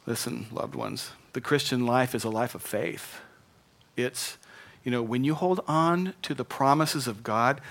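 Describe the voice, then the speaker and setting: A middle-aged pastor with a bright, forceful voice, preaching in an earnest, conversational way. His delivery keeps rising into emphatic bursts. His voice sits at an ordinary male pitch. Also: unhurried, creaky. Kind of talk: sermon.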